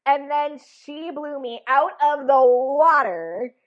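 A woman's voice: sits high, lively intonation, takes it slowly. A woman co-hosting a casual chat, talking in an enthusiastic, gushing way. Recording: dull lo-fi audio.

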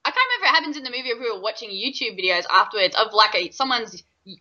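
An Australian woman chats casually in a bright, fairly high voice, relaxed and quick to laugh. The sound is dull and lo-fi. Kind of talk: casual chat.

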